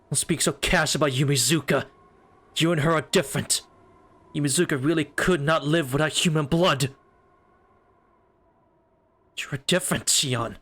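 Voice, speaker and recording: A man streamer reading aloud as a hot-headed, stubborn young man, delivering blunt lines in loud, rising outbursts. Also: a little high. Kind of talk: reading a game's story mode aloud.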